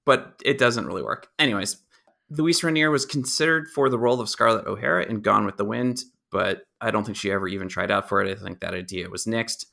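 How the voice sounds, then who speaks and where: Low gravelly man casually reviewing a film. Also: fairly quick. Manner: informative, relaxed, dry humor. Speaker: podcast co-host. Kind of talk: casual movie review chat.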